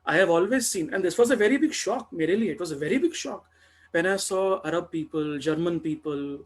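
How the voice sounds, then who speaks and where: A young man with an Indian accent, speaking on a webinar panel in an animated way, slipping Hindi into his English and repeating words for emphasis. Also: high-pitched, fairly quick, husky.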